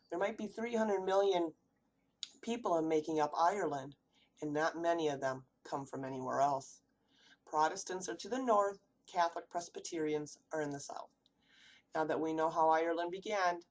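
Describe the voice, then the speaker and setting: A woman from the United States giving a read-aloud class presentation, asking rhetorical questions as she goes. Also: low-pitched. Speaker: student presenter.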